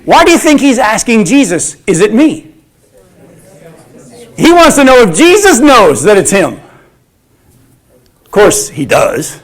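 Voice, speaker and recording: A man's voice: sits high, unhurried. A man teaching a Bible study in sermon style, acting out quoted voices as he goes. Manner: animated, acts out quoted voices.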